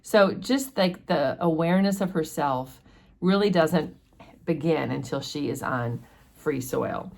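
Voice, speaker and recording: Low-voiced woman explaining a novel chapter. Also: unhurried, gravelly, a little mellow. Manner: chatty, explanatory, many fillers. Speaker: book study host. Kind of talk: casual book discussion.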